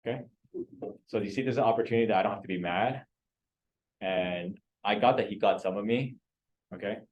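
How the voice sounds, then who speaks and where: A man's voice: lowish voice, fairly quick, highs cut off. A man leading a real estate training class, quizzing students and coaxing answers. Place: training room.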